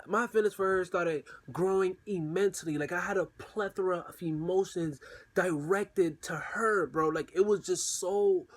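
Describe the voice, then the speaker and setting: A young man telling a personal story in a casual, slangy way, acting out the messages he sent in quoted voices. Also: high voice. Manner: slangy, animated, acts out texts in quoted voices.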